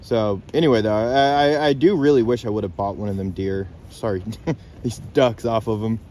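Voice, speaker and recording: A man's voice: on the low side, fairly even intonation, normal speed, mellow, a little hiss or hum. A young man rambling casually into his phone while camping alone on a lake island, loose and laid-back, with some swearing. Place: outdoors on a lake island, in a tent and by a campfire. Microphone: handheld phone camera.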